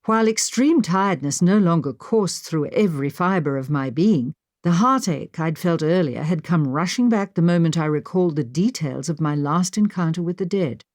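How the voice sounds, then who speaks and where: Woman audiobook narrator, first-person period mystery, lively and expressive, low-set voice. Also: normal speed, no echo, clean studio sound. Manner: expressive storytelling. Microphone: studio microphone.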